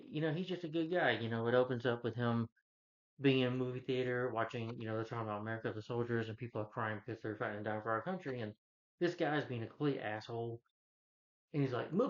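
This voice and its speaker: A movie reviewer with a mid-range voice gives a loose, rambling plot recap full of restarts, turning earnest and heartfelt when he praises the hero. The audio is dull.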